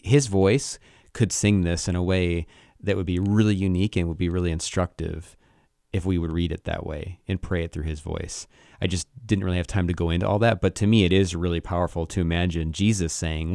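A man co-hosting a casual faith discussion, talking in a thoughtful, halting way and often restarting his sentences. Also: sits low, steady tone, creaky, darkish tone, no room sound, clean studio sound. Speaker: co-host.

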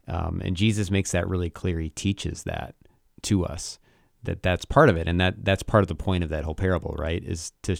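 Gravelly deep-voiced man discussing faith. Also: a little mellow, no echo, clean studio sound. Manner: thoughtful, halting, restarts mid-thought. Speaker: co-host.

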